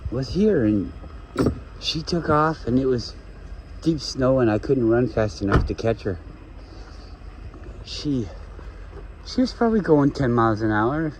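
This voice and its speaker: A man's voice: mid-range voice, a little mellow, a little hiss or hum, poor audio. A man vlogging on a walk outdoors with his dogs, rambling and joking, breaking off to talk to his dog. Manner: rambling, jokey, talks to his dog mid-sentence. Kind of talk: rambling casual talk to camera.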